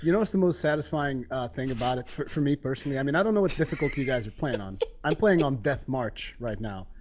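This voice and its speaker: A man guesting on a casual gaming podcast, upbeat and quick to laugh, often trailing off mid-sentence. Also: medium pitch, lively intonation, darkish tone, slight background noise.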